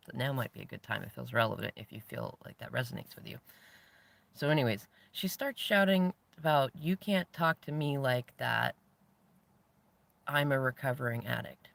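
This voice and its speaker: A man around forty, hosting his own show, tells a story in a reflective, spiritual monologue. He is animated and laughs often as he talks. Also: medium pitch, vocal fry, dry recording. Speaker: host.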